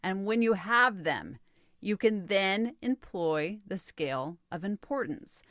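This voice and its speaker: A woman hosting a solo podcast, calmly teaching relationship skills in a measured coaching tone. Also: mid-range voice, no echo, clean studio sound. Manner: calm, measured, coaching tone with light laughs.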